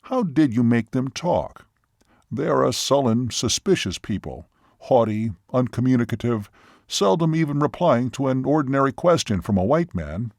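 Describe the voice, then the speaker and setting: A man reading the part of a serious gentleman who asks measured, doubtful questions. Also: mid-range voice, animated, no room sound, clean studio sound, lightly acted. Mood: skeptical.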